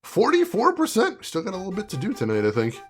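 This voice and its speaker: A man's voice: high-pitched, wildly swooping pitch, fast talker, a bit bright, soft background music. A man playing through an old adventure game and chatting casually to viewers about it, amused by the jokes. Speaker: game streamer. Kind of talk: let's play commentary.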